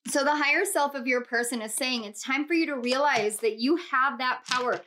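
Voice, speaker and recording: A young woman giving a casual tarot reading to viewers, bubbly and gushing, often breaking into laughter and excited squeals. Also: high-pitched, a little fast, background noise. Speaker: tarot reader.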